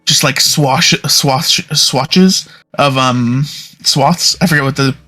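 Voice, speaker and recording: A man's voice: medium pitch, takes it slowly, pushed and bright, soft background music. A man playing a tabletop game, chatting casually and searching for words as he goes. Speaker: player.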